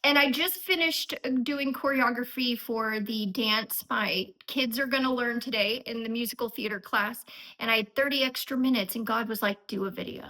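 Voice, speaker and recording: Woman vlogger, raised pitch and bright tone; earnest, emotional and rambling, talking straight to camera. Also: moderate pace, low-quality recording. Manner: frequent fillers and restarts. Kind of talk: unscripted personal vlog.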